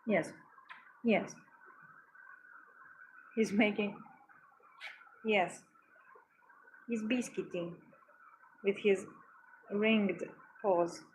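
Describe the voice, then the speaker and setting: Woman vlogger, relaxed pace, affectionate pet-talk at home, faint background hum. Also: mid-range voice, extremely slow, long pauses, low-quality recording. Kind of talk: casual chat to her cat while working.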